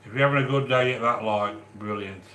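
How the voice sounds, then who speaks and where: A man from the English Midlands with a Midlands accent, hosting a live stream and chatting warmly with viewers as he reads their comments, with frequent restarts. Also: mid-range voice, brisk, reverberant, a little hiss or hum. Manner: chatty and affectionate, with many restarts. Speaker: livestream host reading chat. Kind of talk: casual live-stream chat.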